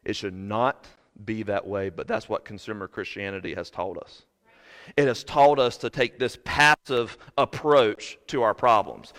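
A man preaching a sermon as pastor, swinging from shouted fervor to quiet earnest talk. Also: lowish voice, unhurried. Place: church sanctuary. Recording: preached in a reverberant hall.

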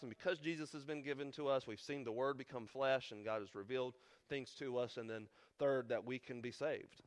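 Pastor, male, mid-pitched, earnest sermon delivery with weighty pauses and rising emphasis. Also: steady tone.

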